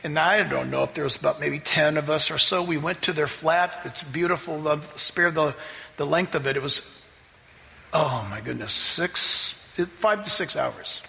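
A man preaching a sermon as pastor, telling a story in an animated way and acting out the people he quotes. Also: a little high, moderate pace, vocal fry, in a large hall. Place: church.

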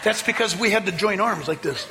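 Man, pastor, sermon, animated storytelling, very bright voice, long hall reverb. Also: high voice, brisk. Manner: animated, rising to near-shouts in the story. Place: church sanctuary.

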